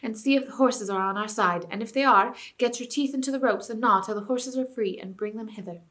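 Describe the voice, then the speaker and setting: A woman voicing a bold young king who shouts commands to his followers. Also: on the high side, fairly quick, lightly acted. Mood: commanding.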